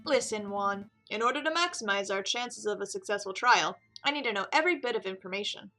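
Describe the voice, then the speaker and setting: A woman's voice: medium pitch, expressive, brisk, pushed and bright, soft background music. A woman voicing a stern, formal male bird lawyer who gives curt orders.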